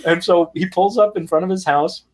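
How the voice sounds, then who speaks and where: A man being interviewed as a guest, telling a story in a lively, casual way with frequent ums and restarts. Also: high voice, brisk. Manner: animated anecdote teller, frequent ums and restarts. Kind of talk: conversational storytelling.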